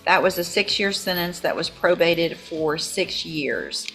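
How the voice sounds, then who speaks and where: A woman judge presiding in a courtroom, asking brisk, matter-of-fact questions. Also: on the low side, expressive, fairly bright tone, soft background music. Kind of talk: courtroom proceedings.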